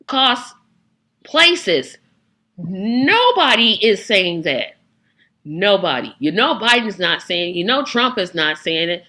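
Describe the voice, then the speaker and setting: A woman hosting a casual political chat, animated and acting out the reactions she quotes. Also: fairly high pitch. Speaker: host.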